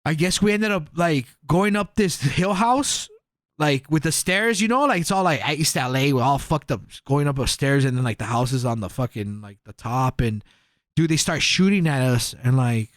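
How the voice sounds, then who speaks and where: A man's voice: a little high, expressive, moderate pace, no echo, studio quality. Rambling young man telling a wild tale. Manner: rambling, heavy filler and profanity, acts out quotes. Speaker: podcast co-host. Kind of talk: casual storytelling.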